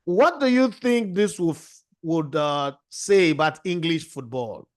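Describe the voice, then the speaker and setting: A man's voice: on the high side, expressive, a little slow. A man hosting a heated football discussion, firing rhetorical questions at his guests. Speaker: host. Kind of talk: heated sports debate.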